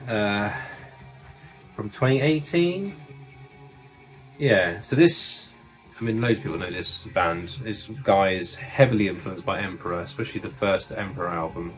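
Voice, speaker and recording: A man from the United Kingdom casually showing off his record collection, enthusiastic and swearing freely. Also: lowish voice. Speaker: music collector vlogger.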